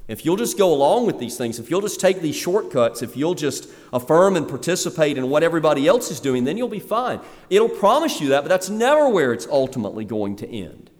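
A man's voice: a little high, sing-song, a little fast, hardly any pauses, long reverb tail. A man preaching a sermon with emphatic swings of voice, with some fillers and restarts. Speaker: pastor.

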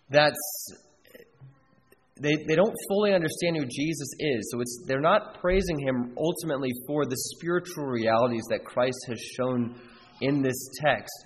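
A man's voice: a little high, long reverb tail, a little hiss or hum, poor audio. A man preaching a sermon as a pastor, earnest and emphatic, repeating key phrases for weight. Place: church sanctuary.

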